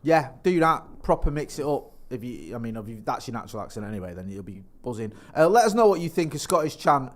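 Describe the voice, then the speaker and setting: A man hosting a casual podcast, relaxed, often trailing off and reading out viewer comments. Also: mid-range voice, fast talker, hardly any pauses. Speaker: podcast host. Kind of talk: casual chat.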